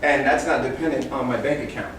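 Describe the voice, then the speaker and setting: This man's mid-range voice is a bit bright, fairly even in intonation, and fairly quick. He's a motivational speaker telling animal stories to a small live group, voicing the animals with big energy shifts. Slight background noise, an echoey room, and distance from the mic color the sound.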